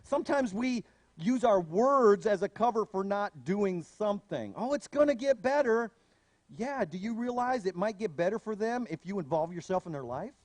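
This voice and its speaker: Male pastor, high voice, storytelling sermon delivery, dry close recording. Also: normal speed, no echo. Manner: storytelling, animated asides.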